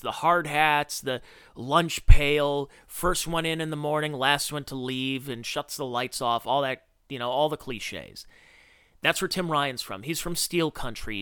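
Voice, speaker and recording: Male podcast host, slightly high, lively sarcastic ranter, bright edge. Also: clean tone, no echo, clean studio sound. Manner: animated, ranting, sarcastic. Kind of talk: opinionated political commentary.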